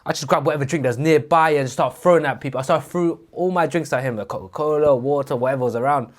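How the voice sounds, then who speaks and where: A man co-hosting a podcast, telling a story in a casual, animated way and acting out the people in it. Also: a little high, fast. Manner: animated, acts out voices in his story. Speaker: podcast co-host.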